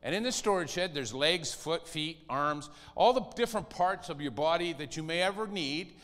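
A high, bright-voiced man preaches with lively swings in pitch, acting out whiny pleas along the way. His voice rings through a church hall with a long reverb tail. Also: normal speed. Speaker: pastor. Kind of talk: sermon.

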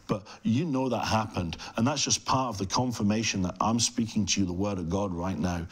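A middle-aged man preaching a fervent televised sermon, speaking in rhythmic repeated phrases and addressing the viewer directly. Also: lowish voice. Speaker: pastor.

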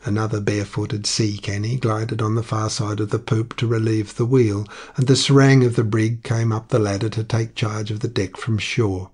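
A man narrating an audiobook in a measured, even way. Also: lowish voice, husky.

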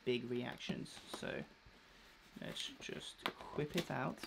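A man's voice: medium pitch, slow, vocal fry, heavy background noise. A young man chatting casually and rambling with slang while unboxing a new clothing order on a live vlog. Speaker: fashion vlogger.

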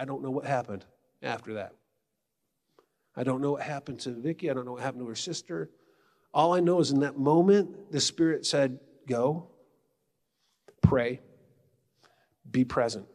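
A middle-aged man giving a retreat talk in a conversational, animated storytelling way. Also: medium pitch. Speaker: retreat speaker. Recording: long hall reverb.

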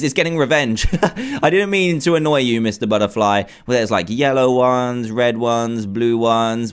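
Excitable man gushing over game animals. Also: on the high side. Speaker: gaming video host. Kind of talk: let's play commentary.

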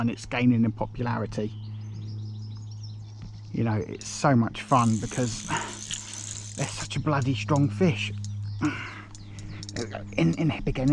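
A man commenting on his own fishing as he fights a fish, excited and muttering, straining with an aching arm. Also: mid-range voice, gravelly, noisy background. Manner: excited, breathless exclamations, muttered asides. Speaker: fishing vlogger. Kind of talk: live commentary while fishing. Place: outdoors by a lake.

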